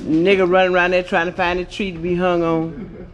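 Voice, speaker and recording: A woman's voice: lowish voice, level tone, measured pace, a crowd in the background. A woman comedian doing raunchy stand-up, telling dirty jokes and reciting bawdy rhymes with a brash delivery on a comedy album. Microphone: comedy album recording.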